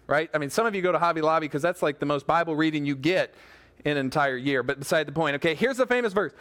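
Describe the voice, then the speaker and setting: A pastor with a high voice gives a relaxed sermon to people watching online. He keeps it chatty, with jokes and self-deprecating asides. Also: quick pace. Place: church room with a small team.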